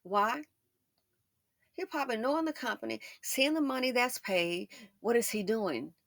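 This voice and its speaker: A woman hosting a casual commentary monologue, telling personal stories in an animated way and acting out the voices of the people she quotes. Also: normal speed, vocal fry, no echo. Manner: animated storytelling, acts out quoted voices with big pitch jumps. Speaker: commentary channel host.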